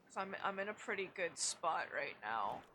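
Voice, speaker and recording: Bright-voiced chatty woman streamer. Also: fairly low pitch, very animated, moderate pace, slight background noise. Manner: chatty, self-mocking, swears freely. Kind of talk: casual gameplay chat.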